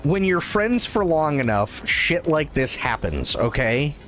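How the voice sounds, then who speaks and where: Animated profane man telling stories on stream. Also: a little high, unhurried, faint music behind. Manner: animated, profane, laughs at his own stories. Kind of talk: casual storytelling during a live game stream.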